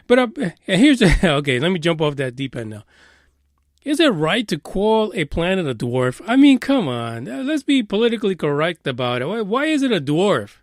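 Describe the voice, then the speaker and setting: Sweary new guy ranting on his podcast, pretty high voice, dead dry mic. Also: dry recording. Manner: profane, sarcastic and combative, swinging loud and low. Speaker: podcast host.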